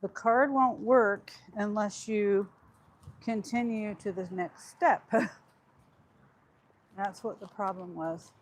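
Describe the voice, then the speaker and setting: A woman's voice: medium pitch, takes it slowly, long pauses, slight background noise. A woman vlogging casually from her car about her delivery gig, muttering to herself with frustrated asides. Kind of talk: casual talking while driving.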